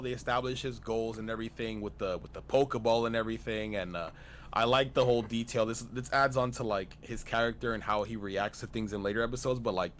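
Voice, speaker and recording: A man with a mid-range, fairly bright voice rambles casually as a guest on a streamed anime discussion, full of restarts and fillers. There's slight background noise.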